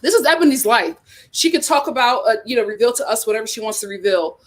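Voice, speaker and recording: A woman hosting a casual, animated chat about reality TV, laughing often. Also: on the high side, fast. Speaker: host.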